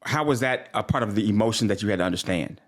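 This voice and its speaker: A man's voice: on the low side, quick pace. A man hosting a couples talk, asking probing follow-up questions and rephrasing them. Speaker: host. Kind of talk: casual chat.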